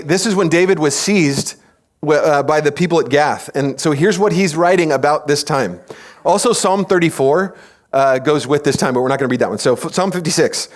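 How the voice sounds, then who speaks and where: Animated man teaching a sermon. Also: high voice. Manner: animated storytelling, acting out quoted voices; asks the congregation questions. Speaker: pastor. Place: church.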